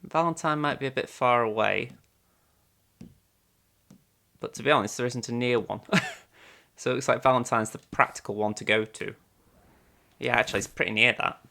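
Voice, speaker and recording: A man's voice: mid-range voice, moderate pace, gravelly, pauses often, sharp tone. A man streaming a video game and chatting along as he plays, narrating his own moves and talking to his viewers. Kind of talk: live game-stream commentary.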